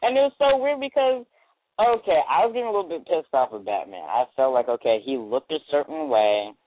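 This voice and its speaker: A man's voice: a little high, animated, a little fast, no echo. A young man co-hosting a casual movie review show, rambling and joking with lots of restarts. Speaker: podcast co-host. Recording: tinny phone-like lo-fi sound.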